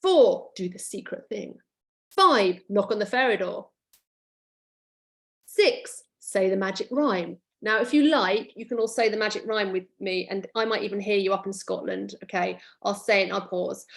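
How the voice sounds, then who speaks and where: A middle-aged woman, a children's author, reading her book aloud to schoolchildren in a lively, playful, encouraging way over a computer microphone. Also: medium pitch, normal speed, gravelly.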